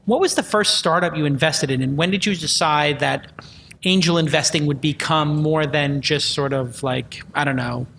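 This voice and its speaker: A man with a higher, bright, forceful voice hosts an onstage chat, firing off questions and teasing jokes. A faint hum of room noise sits behind him. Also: moderate pace, vocal fry. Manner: teasing, jokey interjections. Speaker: host. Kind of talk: live fireside chat. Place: stage before a live audience.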